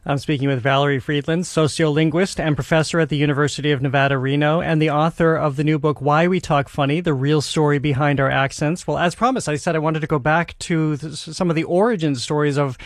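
A man hosting an interview, introducing his guest briskly and asking questions with small stumbles. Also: on the high side, steady tone, no room sound, studio quality. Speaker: interview host. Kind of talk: radio-style interview.

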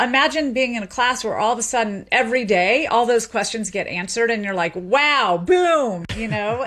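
A middle-aged woman from Memphis, a sociolinguist being interviewed, explaining in an animated way with small restarts. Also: medium pitch. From Memphis, Tennessee. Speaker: sociolinguist and professor, guest.

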